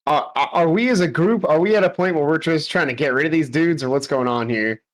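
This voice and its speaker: A man's voice: a little high, fairly quick, poor audio. A man playing a tabletop game in casual chat, joking and asking questions about the rules. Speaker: player.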